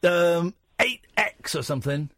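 A man's voice: expressive, a little slow, crowd noise. A man with an English accent hosting a late-night radio phone-in from a studio, joking and bantering with callers. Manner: joking, bantering, drops to a low mutter at times. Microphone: studio microphone.

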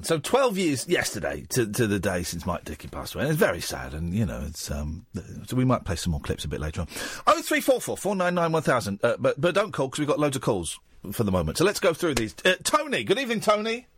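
A man hosting a late-night radio phone-in from a studio, blunt, irreverent and quick to mock his callers. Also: medium pitch, wildly swooping pitch, a bit bright, husky. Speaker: radio host. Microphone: studio microphone.

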